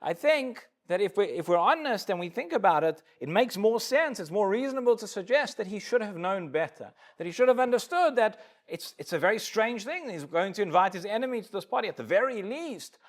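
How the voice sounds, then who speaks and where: A man with a high voice leads a Talmud class, walking his listeners through the story point by point. He acts out each line of dialogue as he goes and often trips over his first words before a thought settles. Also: very animated, brisk, hardly any pauses. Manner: explains step by step, acts out the dialogue in quotes; repeats small words when starting a sentence. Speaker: rabbi teaching a class. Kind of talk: Talmud lecture to a live class.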